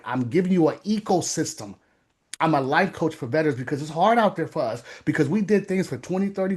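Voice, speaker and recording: A man's voice: on the high side, darkish tone. A man who coaches veterans gives a fervent motivational talk. He speaks in a preachy, urgent way, repeats phrases for effect and builds to emphatic peaks.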